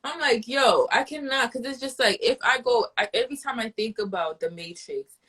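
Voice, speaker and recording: A woman's voice: fairly high pitch, expressive, moderate pace, fairly bright tone. A woman host in casual chat, ranting in a profane, fired-up way.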